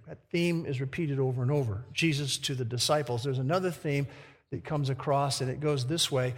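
A man preaching a sermon who reads scripture slowly and with emphasis. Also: a little high, steady tone, fairly bright tone, long reverb tail. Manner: slow, emphatic verse reading.

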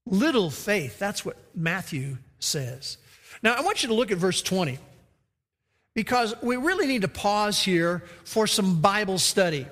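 High-voiced preacher in echoing hall. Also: male voice, a bit bright. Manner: emphatic preaching, acting out quoted lines. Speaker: pastor. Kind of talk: sermon. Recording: reverberant hall.

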